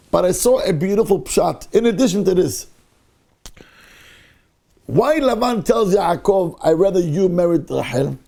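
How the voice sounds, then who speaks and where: A rabbi teaches a Torah class, his voice pitched high and full of gravel. He acts out each figure's words with animated energy, then sinks low and intense to quote the verses. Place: synagogue.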